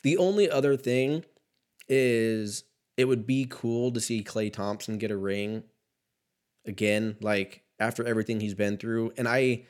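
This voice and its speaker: A man's voice: fairly low pitch, measured pace, a little mellow. Profane rambling man in his thirties. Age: 30s. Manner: rambling, profane, laid-back, self-mocking. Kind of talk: casual solo sports rant.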